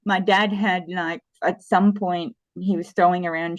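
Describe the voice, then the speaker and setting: A woman in her forties from the Philippines, a guest in a casual interview, telling animated stories that often restart mid-sentence. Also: lowish voice, moderate pace, hardly any pauses, dry recording, dull audio. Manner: animated storytelling with frequent restarts.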